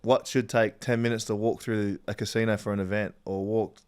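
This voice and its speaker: A man's voice: lowish voice, little pitch movement, brisk, darkish tone, clean tone. An Australian man from Western Australia, a footballer guest telling stories in casual chat and laughing often. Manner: chatty storyteller, laughs often.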